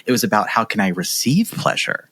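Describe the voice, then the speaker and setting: A man's voice: on the low side, big pitch swings, brisk, pushed and bright, husky, dry recording. A man hosting a podcast, sharing his own experience in a casual, reflective way. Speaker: podcast host. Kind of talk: casual interview chat.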